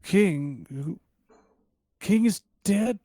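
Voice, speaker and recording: A man voicing a very old, forgetful man who asks halting, confused questions. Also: high-pitched, expressive, dark tone, dry recording, clean studio sound, voice pushed up, full character voice.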